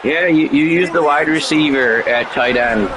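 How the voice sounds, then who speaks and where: A man's voice: fairly high pitch, normal speed, low-quality recording. A man trash-talking an online opponent during a live game, mocking and sarcastic, repeating his jabs over and over. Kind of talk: live gameplay chat. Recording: live stream with loud game crowd.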